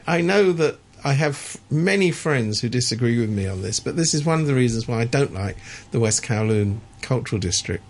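A man's voice: mid-range voice, creaky. A man giving sardonic, opinionated commentary in a radio studio, stammering and restarting as he talks.

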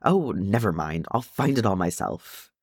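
A rash young dwarf, hot-tempered and agitated, his pitch jumping up and down, as a man reading the story puts him on. Close, dry recording. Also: sing-song, measured pace, slightly rough, dry recording, full character voice. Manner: agitated, loud.

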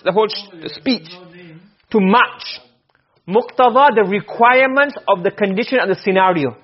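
A man teaching a lesson on rhetoric, explaining step by step, often repeating words and mixing in Arabic terms. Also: high-pitched. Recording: dull lo-fi recording.

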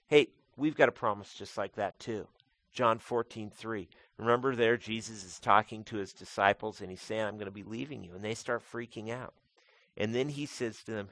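A man preaching a sermon in a conversational way, calling his listeners folks and swinging between loud emphatic lines and quiet asides. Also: mid-range voice, moderate pace, dry recording. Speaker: pastor.

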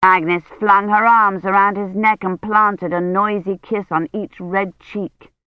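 A woman reading a novel aloud as audiobook narrator in a measured, even way. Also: medium pitch, clean tone, no room sound. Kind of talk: scripted narration. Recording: dry, dull lo-fi audiobook recording.

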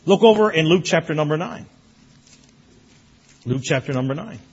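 Pastor guy telling stories in his sermon, kinda husky, bit high, muffled lo-fi sound. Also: moderate pace. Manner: folksy storytelling, animated when recounting.

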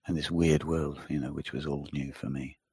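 A man with a low, slightly husky voice tells long, rambling stories in casual talk. He swears freely and gets animated as he goes. The sound is close and dry. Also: moderate pace, no room sound. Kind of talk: casual chat.

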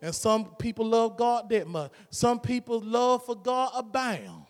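A man's voice: very high-pitched, sing-song, measured pace. A man preaching a sermon as pastor, in a rhythmic, repetitive preaching style with rising fervor. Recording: long hall reverb.

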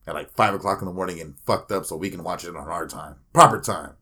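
A man's voice: low voice, fast, sharp tone, husky. A man co-hosting a podcast, joking crudely about fighting in casual chat. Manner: crude, joking, slips into mock voices. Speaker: podcast co-host.

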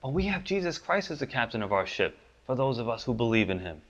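A pastor preaching a sermon, his voice climbing high and loud for the pleas and dropping low and soft on the promises. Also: very animated, fast talker, dull audio.

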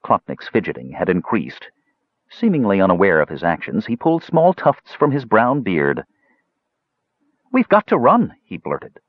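A man reads a fantasy audiobook with wildly swinging, animated pitch. His voice is low and husky. The recording is dry, dull and lo-fi. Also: moderate pace, dry recording. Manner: highly animated, expressive reading. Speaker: audiobook narrator.

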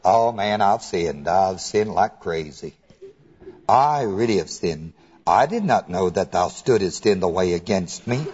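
A man voicing a greedy, scheming man of scripture with a low, muttering drawl. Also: lively intonation, measured pace, a little mellow, breathy edge, lo-fi sound, heavily acted. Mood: contrite.

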